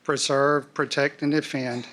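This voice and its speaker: A man's voice: mid-range voice, flat delivery, measured pace, fairly bright tone. A man, a newly elected school board trustee, solemnly repeating his oath of office phrase by phrase. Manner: solemn, repeats each phrase after the reader.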